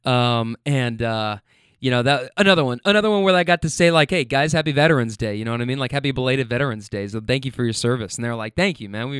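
A man's voice: mid-range voice, fast, clean tone, dry recording, clean studio sound. A young man casually telling a funny story about his passengers, acting out their lines and laughing as he goes. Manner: animated, acts out the passengers' voices with quoted lines and laughs.

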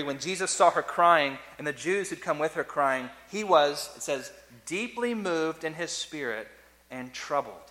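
A man preaching a sermon as a pastor, earnest, swinging between loud emphasis and soft, quiet lines. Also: a little high. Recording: long reverb of a large hall.

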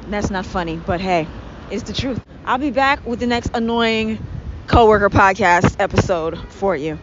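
A woman's voice: medium pitch, normal speed. A woman hosting her own podcast, ranting sarcastically and with exasperation about annoying coworkers, swearing freely as she goes. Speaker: podcast host. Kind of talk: ranting monologue. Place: vehicle with traffic outside. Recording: dull lo-fi sound with faint street noise.

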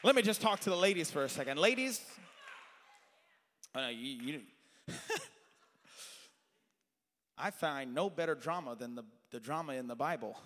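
Preacher guy, higher voice, goes from shouting to quiet asides, big echoey church. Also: measured pace, pauses often, some chatter behind, a little hiss or hum. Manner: animated, swings from loud shouting to quiet asides. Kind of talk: sermon. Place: church sanctuary. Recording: long hall reverb.

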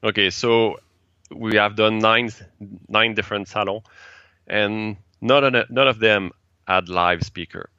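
French-Canadian man, deep slow and dry. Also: steady tone, pushed and bright, smooth, dry recording, lo-fi sound. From Quebec, Canada. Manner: halting, searching for English words, light laughs. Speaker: guest, event organizer. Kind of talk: casual interview chat.

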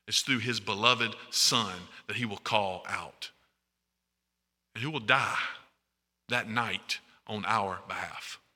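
Animated preacher in a reverberant hall. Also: male voice, on the low side, slow pace, pauses often. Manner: animated, asks the congregation questions. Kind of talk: sermon.

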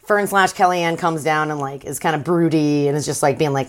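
A woman with a somewhat low voice talks through a book recap in loose, casual chat. She is sarcastic, swears freely, and keeps dropping into quick impressions of the characters. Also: steady tone. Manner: sarcastic, swears often, acts out characters in quotes. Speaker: podcast co-host.

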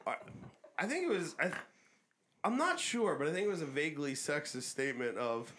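A man's voice: on the high side, animated, moderate pace, pauses often, a bit bright, slight background noise. A man co-hosting a casual podcast, teasing and rambling, and by his own account tipsy. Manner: teasing, rambling, says he is drunk. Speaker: podcast co-host. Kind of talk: casual crude podcast banter.

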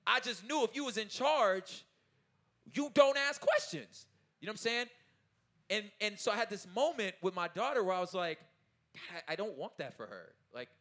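A man in his thirties talking informally to a live audience, his voice a touch higher than most men's. He is animated and loose, sliding between quiet asides and louder bursts as he keeps checking that they follow him. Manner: loose, informal phrasing with laughs. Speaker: artist speaking at a talkback. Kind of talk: conversational talk to an audience.

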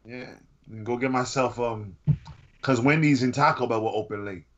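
A man's voice: mid-range voice, fairly bright tone. A man in casual podcast chat who fires off incredulous questions. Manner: incredulous, rapid-fire questions. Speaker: podcast co-host. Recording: dull lo-fi sound.

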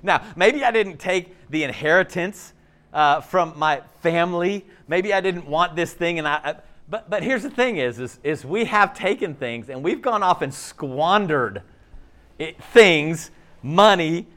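A man preaching a sermon in an animated, conversational way, often checking in with "okay?" and acting out voices. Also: fairly high pitch, unhurried. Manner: acts out voices and laughs often. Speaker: pastor.

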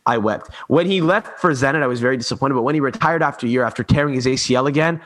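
Fast-talking man, halting and searching for words. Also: mid-range voice, a bit bright. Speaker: podcast guest. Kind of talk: casual podcast chat.

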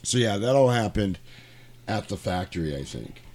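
Animated man retelling a film. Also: on the low side, moderate pace. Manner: animated retelling with sound effects and acted quotes. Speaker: podcast host. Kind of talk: casual movie recap chat. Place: home studio.

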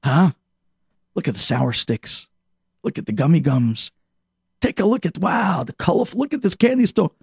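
A man's voice: fairly high pitch, very animated, moderate pace, pauses often, darkish tone, slightly rough, no echo, studio quality, exaggerated voice. A man voicing a careless, clueless young man babysitting an infant, breezy and dismissive. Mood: fretful.

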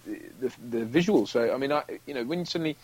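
A man's voice: medium pitch, lively intonation, fast, a little mellow, breathy edge, rough recording. A British man, an actor, chatting casually as an interview guest, rambling and acting out quotes with frequent laughs. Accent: British English. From United Kingdom.

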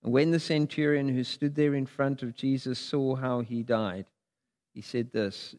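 A man's voice: medium pitch, fairly even intonation, a little slow, darkish tone. A man preaching a sermon, reading scripture dramatically with big rises and drops in his voice. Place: church sanctuary. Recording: long hall reverb.

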